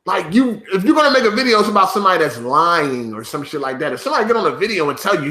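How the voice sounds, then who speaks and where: Gaming YouTuber, male, high tense voice, mocking rant, roomy echo. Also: very animated, rapid-fire, few pauses, sharp tone. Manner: profane, mocking, keeps breaking into laughter. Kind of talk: ranting commentary to viewers.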